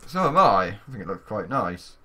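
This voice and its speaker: A young man with a fairly low voice talks casually through a let's play, bossing his game characters around. His tone is easygoing and chatty, and he moves quickly from one idea to the next. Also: big pitch swings, bright, forceful tone, slightly rough. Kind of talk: casual gaming chat.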